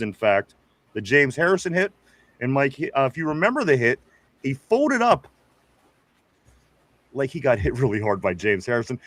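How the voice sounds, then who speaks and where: A man's voice: a little high, dry recording. A man co-hosting a casual sports podcast, reading viewer comments and talking loosely, with swearing and laughs. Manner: loose and profane, laughing, addresses co-host often.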